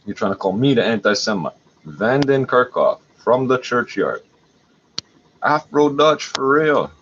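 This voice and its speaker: A man's voice: medium pitch, sing-song, measured pace, a bit bright. A man at home hosting a livestream, rambling in an agitated, profane way. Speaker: livestream host. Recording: dull lo-fi audio with faint noise.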